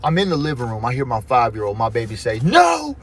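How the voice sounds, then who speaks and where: A man telling comedic stories about his kids in an exasperated, profane, animated way. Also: mid-range voice, fast talker, noisy background. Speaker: comedic storyteller. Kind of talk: comedic storytelling.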